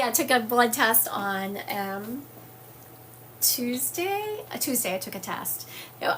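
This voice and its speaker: A Southern US woman hosts a psychic livestream over a phone or webcam, her voice fairly high and fairly bright against slight background noise. She chats casually as a psychic medium, reading viewer comments aloud with plenty of fillers.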